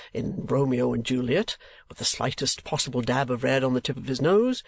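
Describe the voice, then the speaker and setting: A man voicing a talkative, theatrical middle-aged theatre manager, speaking slowly and emphatically. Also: mid-range voice, husky, no room sound.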